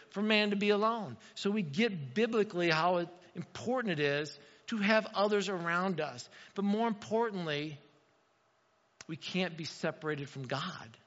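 A man delivers a sermon as pastor, his voice high and bright, pressing key lines by repeating them. The sound is muffled and dull, with a long reverb trailing through a large hall. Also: lively intonation, moderate pace. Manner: emphatic, repeats lines for stress.

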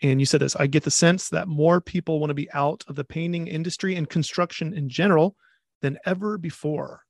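A man with an Ohio accent, co-hosting a podcast in a chatty, easygoing way with quick laughs. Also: on the high side, fairly even intonation, creaky, no room sound, studio quality. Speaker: podcast co-host. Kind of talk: podcast interview.

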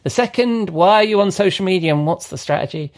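A man's voice: high-pitched, fast talker. A man hosting a podcast in casual, jokey chat, laughing often and calling his co-host mate.

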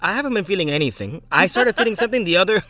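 A man chats casually as a podcast co-host. His voice is bright and somewhat high, and he tells stories with lively, swooping intonation and plenty of drama. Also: very fast, no echo, soft background music. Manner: animated, dramatic storyteller. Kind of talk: casual chat.

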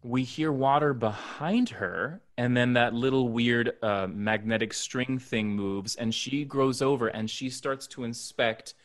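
A man's voice: medium pitch, unhurried, hardly any pauses. Playful man podcast co-host. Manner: playful, acts out characters, drops in Spanish phrases. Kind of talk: casual chat recapping a horror film.

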